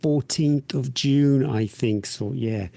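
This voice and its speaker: A man hosts a podcast, reading listener shout-outs with cheerful, chatty energy. His voice sits at a middle pitch. The recording is dry and close, with no room sound. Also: creaky, no room sound. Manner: upbeat, chatty, quick to laugh at himself. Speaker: podcast host.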